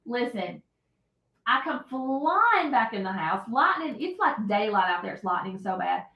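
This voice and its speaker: A middle-aged woman, hosting a casual livestream and retelling a story in an animated, dramatic way. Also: on the high side, unhurried, creaky, muffled recording. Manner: animated, dramatic retelling with loud acted shouts. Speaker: livestream host. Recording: echoey room.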